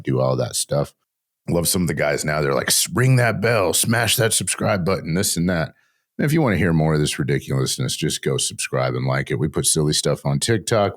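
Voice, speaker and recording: A middle-aged man hosting a casual podcast, joking and rambling on without pausing for breath. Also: extremely low pitch. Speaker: podcast host.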